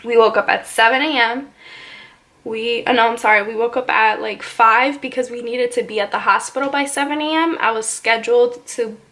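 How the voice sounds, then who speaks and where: A young woman vlogger casually telling a story, animated and chatty, full of "like" fillers. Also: on the high side, normal speed.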